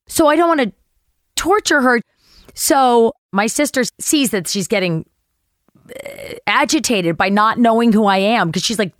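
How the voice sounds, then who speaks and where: A middle-aged actress telling a story as an interview guest, animated, swearing and acting out quotes. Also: female voice, brisk, dry recording, studio quality. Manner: animated, acts out quotes with big pitch jumps, swears. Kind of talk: lively anecdote telling.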